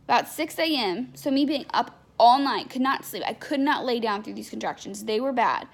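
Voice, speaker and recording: A woman's voice: a little high, expressive, normal speed, gravelly. A young adult woman telling a candid personal story in a chatty, unfiltered way, full of fillers. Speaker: vlogger.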